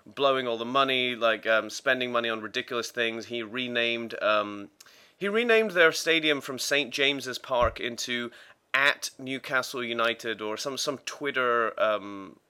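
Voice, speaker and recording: Guy on a podcast rambling thru a football story, lots of ums, bright clear voice. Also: medium pitch, unhurried. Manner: rambling with many fillers and restarts, acting out quotes. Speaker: podcast co-host telling sports stories. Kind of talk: casual storytelling.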